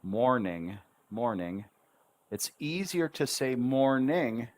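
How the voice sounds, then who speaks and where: A man's voice: lowish voice, lively intonation, unhurried. A man teaching English pronunciation on a livestream, repeating words syllable by syllable with encouraging asides. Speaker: English tutor.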